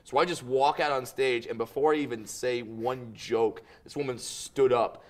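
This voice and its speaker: A man in a TV studio, chatting as a comedian guest. He tells his stories in an animated way, often leaping into high, excited voices when he quotes people. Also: normal speed. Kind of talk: casual interview storytelling. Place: local TV news studio.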